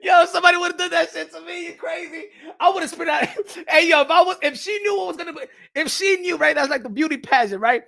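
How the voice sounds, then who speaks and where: A man giving casual boxing reaction commentary, excitable and profane, laughing often and repeating himself. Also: very high-pitched, quick pace, creaky.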